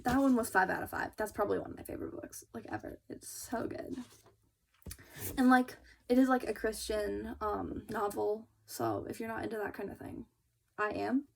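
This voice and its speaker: A young woman reviewing books in a chatty, casual way, full of fillers and quick restarts. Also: fairly high pitch, gravelly, darkish tone, breathy edge. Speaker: book reviewer. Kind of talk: casual chat.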